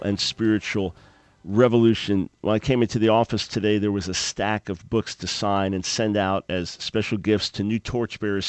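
A man hosting a call-in radio show and telling a story in an animated, preacherly way, jumping high and loud when he acts out his own thoughts. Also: dry recording. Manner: animated, jumps to a much higher, louder voice when acting out his own past thoughts; preacherly, emphatic.

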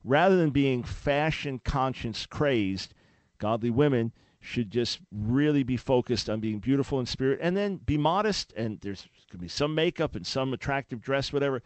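An earnest man hosting a call-in radio show, preacherly and emphatic, often restarting his words. His voice sits at an ordinary pitch. It is recorded dry and close in the studio. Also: lively intonation, normal speed, dry recording. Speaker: radio talk show host.

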